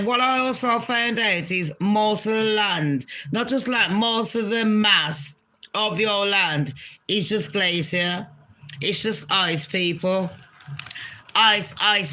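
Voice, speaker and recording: Woman, livestream rant, swearing and mocking, bright and forceful voice, mid pitch. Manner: blunt, profane, mocking. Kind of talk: casual livestream rant to chat.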